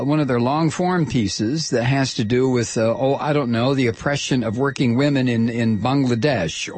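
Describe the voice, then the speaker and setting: A middle-aged man hosting political talk radio. He rants heatedly and stumbles over repeated words as he goes. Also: medium pitch. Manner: heated, ranting, stammering restarts.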